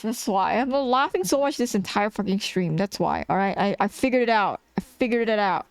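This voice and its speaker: A woman's voice: medium pitch, lively intonation, moderate pace, clear, resonant tone, no room sound. A tired woman streaming as she draws, chatting casually, laughing a lot, swearing and teasing herself. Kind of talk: casual chat while drawing on stream.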